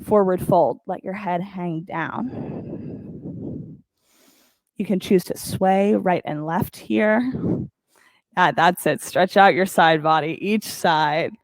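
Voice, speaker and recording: A woman teaching a yoga class, calmly counting breaths and cueing poses with encouragement. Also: on the low side, slow pace, pauses often, no echo, low-quality recording. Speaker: yoga instructor. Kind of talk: guided yoga class cues.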